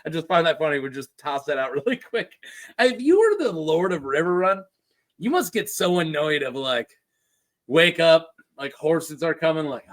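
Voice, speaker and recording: A man casually retelling fantasy lore as a video host, chatty and joking with quick asides. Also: a little high, lively intonation, fairly bright tone. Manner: chatty, jokey asides with put-on quote voices.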